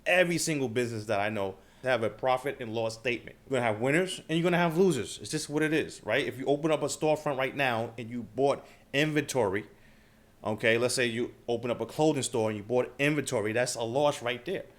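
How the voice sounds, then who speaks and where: Guy hosting a trading channel, chatty and loose, mid-pitched voice, keeps tossing in "right?". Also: brisk. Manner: conversational, frequent filler questions like "okay?" and "right?". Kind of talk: casual talk to camera.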